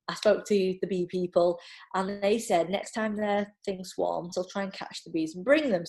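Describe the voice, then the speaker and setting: A woman in casual conversation as a podcast guest, telling stories chattily with lots of fillers and laughter. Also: mid-range voice. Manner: chatty, animated storytelling with frequent laughs and filler. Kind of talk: casual chat.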